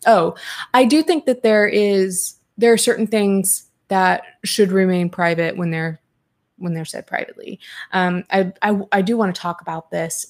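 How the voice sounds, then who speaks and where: Blunt, creaky-voiced woman host. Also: on the low side. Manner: blunt, swears, reads viewer comments aloud; quick, talkative, many restarts. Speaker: commentary host reading chat. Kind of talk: casual chat.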